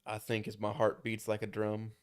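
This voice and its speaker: A man's voice: fairly low pitch, monotone, moderate pace, clean tone, natural voice. A man reading the part of a lovesick, awkward teenage boy, with flowery, overblown declarations. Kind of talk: reading a fan story aloud.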